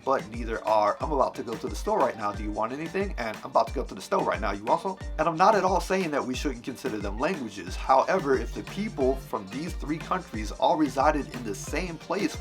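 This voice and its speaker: A man's voice: mid-range voice, a bit bright. A man who teaches language, patiently explaining points and demonstrating examples in an educational vlog. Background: prominent background music.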